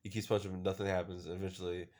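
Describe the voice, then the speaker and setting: A man's voice: low-pitched, level tone, racing, darkish tone. A man casually recapping a show episode, rambling with lots of fillers and the odd swear word. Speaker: show reviewer.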